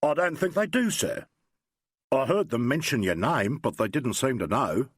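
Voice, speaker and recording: A narrator puts on a young New police sergeant in an audiobook, a man eager and admiring who gushes his story in lively, bouncing tones. The voice sits close and dry. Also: mid-range voice, moderate pace, husky, no echo. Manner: chatty, admiring, slangy storytelling.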